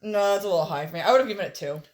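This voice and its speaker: A podcast co-host in casual chat who keeps dropping in quick jokes and short replies. The voice sits at a middling pitch. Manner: short joking interjections.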